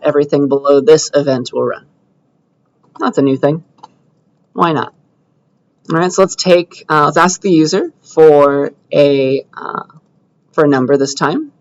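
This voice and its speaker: Casual male lecturer, lo-fi recording. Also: a little high. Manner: conversational, checks understanding with frequent "right?" and "okay?". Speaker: computer science lecturer. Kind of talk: classroom lecture with live coding demo.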